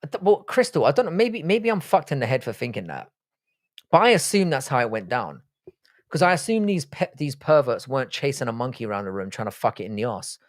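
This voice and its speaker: A man in his forties, raised in England, hosting a casual live stream. He banters with his chat in a crude, swearing, joking way. His voice sits at an ordinary pitch and is recorded close and dry, with no room sound. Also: sing-song, brisk, no echo. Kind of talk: casual live chat, reading viewer comments.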